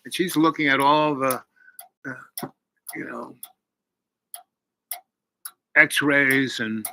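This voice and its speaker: Host type: rambling man recapping a film, very bright, tense voice, average pitch. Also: a little hiss or hum, low-quality recording. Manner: rambling, full of "you know" and restarts. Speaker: channel host. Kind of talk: casual movie retelling.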